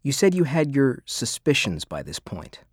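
A woman voicing a calm interviewer who asks quiet, measured, probing questions. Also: extremely low pitch, husky, dry recording, clean studio sound, voice pushed down, exaggerated voice.

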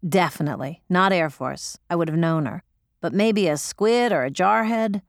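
A woman's voice: fairly low pitch, normal speed, no room sound, clean studio sound. A woman narrating in the first person as an audiobook reader, gritty, profane and emotional.

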